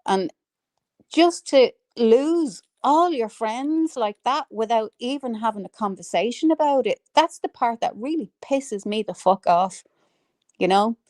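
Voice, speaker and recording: A woman's voice: a little high, lively intonation, a little slow, darkish tone, no room sound, clean studio sound. A woman hosting a livestream in casual chat, blunt and sweary, calling her guests love and darling. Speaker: livestream host. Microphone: video call.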